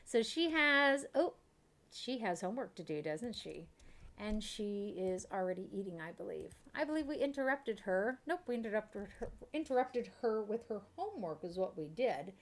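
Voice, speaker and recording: A woman's voice: medium pitch, big pitch swings, normal speed. A woman from Kentucky, chatting casually and giggling as she streams a life-sim game. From Kentucky, USA. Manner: chatty, giggly, talks to her chat.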